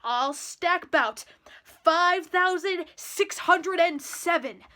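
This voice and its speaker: A woman's voice: extremely high pitch, extremely slow, sharp tone, heavily acted. A woman voicing a pompous, boastful male turtle king who bellows his commands. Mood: furious.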